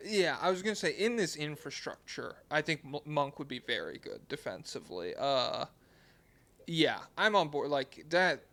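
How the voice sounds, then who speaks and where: A man co-hosting a casual sports podcast, animated and joking, swearing freely. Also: a little high, moderate pace, gravelly. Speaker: podcast co-host.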